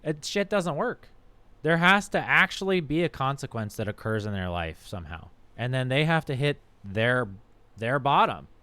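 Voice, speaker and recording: A man's voice: medium pitch, big pitch swings, moderate pace, pushed and bright, dry recording. A man who is a doctor, talking frankly and casually on a livestream, with a bit of swearing. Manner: frank, profane, conversational. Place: home streaming setup.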